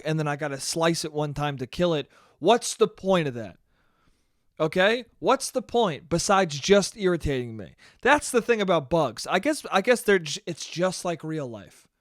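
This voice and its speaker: A man's voice: a little high, dry recording, clean studio sound. A young man ranting casually and profanely on his own podcast, rambling and joking. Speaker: podcast host. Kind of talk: solo casual podcast rant.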